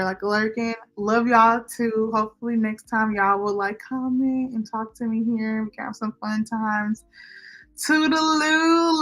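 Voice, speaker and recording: A woman's voice: medium pitch, a bit bright. A young woman, chatting casually with viewers as a livestream host. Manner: chatty, talks to viewers and chat directly. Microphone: computer microphone.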